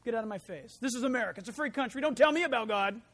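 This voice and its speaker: A man voicing an irritated ancient official who curtly brushes off a stranger, with a very high voice for a man. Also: racing, a bit bright, heavily acted. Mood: dismissive. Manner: curt, dismissive.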